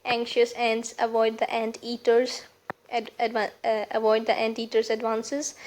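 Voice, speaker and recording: A woman teaching a video lesson, reading her examples slowly with heavy stress and often correcting herself mid-sentence. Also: fairly high pitch, completely flat delivery, darkish tone, a little hiss or hum, rough recording. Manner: reads examples slowly and stressed, with frequent restarts and self-corrections. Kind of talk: video lesson on figures of speech.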